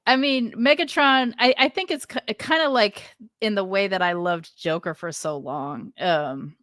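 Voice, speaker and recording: A woman's voice: medium pitch, measured pace, a bit bright, dry recording, clean studio sound. A woman co-hosting a podcast, talking in a thoughtful, rambling way and laughing often. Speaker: podcast co-host. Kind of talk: casual chat.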